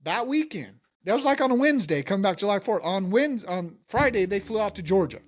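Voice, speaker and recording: A man's voice: sits high, lively intonation, brisk. A man, a mortgage company founder, telling his story in a casual interview and acting out the dialogue.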